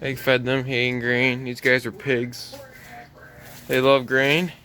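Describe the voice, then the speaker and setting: A man giving a relaxed, rambling walk-through tour of his farm barn, talking into a handheld camera. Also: medium pitch, slow. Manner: easygoing, rambling with many "so yeah" fillers. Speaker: farm vlogger.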